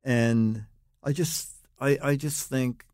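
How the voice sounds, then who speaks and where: An older man, a guest in casual chat, telling lively anecdotes. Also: mid-range voice, takes it slowly, no room sound, studio quality. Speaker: guest, comedy writer.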